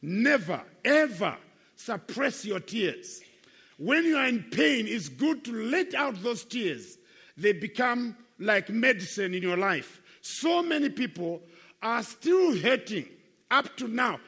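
A man's voice: high-pitched, big pitch swings, takes it slowly, bright, forceful tone, breathy edge, in a large hall. An older man giving an earnest, emphatic testimony sermon to young people as a Christian speaker, repeating his key phrases for weight.

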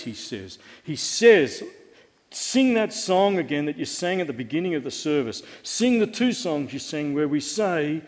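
A middle-aged male pastor with a slightly high, very animated voice preaches at a moderate pace. His sermon is conversational and wry, and he puts questions to the congregation. The recording carries the long reverb of an echoing church hall.

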